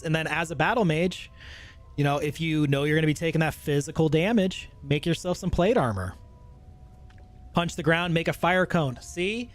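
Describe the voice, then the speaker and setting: A man streaming a game, chatting loosely and enthusiastically with viewers in slangy, rambling commentary. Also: a little high. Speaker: gaming streamer. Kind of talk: casual gameplay commentary.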